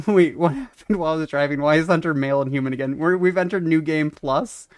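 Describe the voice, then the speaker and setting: A man's voice: on the high side, quick pace, clean tone. A man streaming a story game, casually reading its dialogue aloud and chuckling between lines. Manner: reads game text aloud, chuckles often. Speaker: let's-play streamer. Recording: dry close mic, faint game music.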